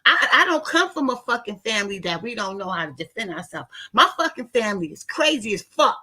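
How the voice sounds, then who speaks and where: A woman's voice: medium pitch, very animated, fairly quick, sharp tone, husky. A woman in her fifties ranting bluntly to her viewers in a casual, profane monologue. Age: 50s. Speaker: vlogger talking to her live viewers.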